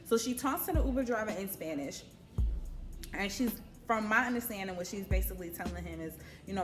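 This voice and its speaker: A young woman vlogger telling a casual storytime, animated, swearing and acting out her own panicked quotes. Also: medium pitch, brisk, over music.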